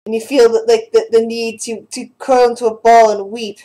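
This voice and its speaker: A woman narrating as game master of an online tabletop game, halting and restarting as she describes scenes. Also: on the high side, little pitch movement, warm tone, low-quality recording.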